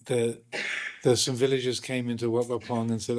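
A man, a Buddhist monk, telling stories in animated conversation with many restarts. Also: medium pitch, normal speed. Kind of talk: conversational storytelling.

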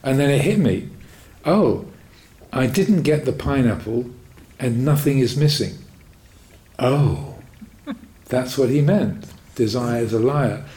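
During a Dhamma talk, a man who teaches Buddhist meditation takes a question and answers with calm, reflective stories and a bit of gentle self-mockery. He has a medium pitch and moderate pace, and the audio is poor.

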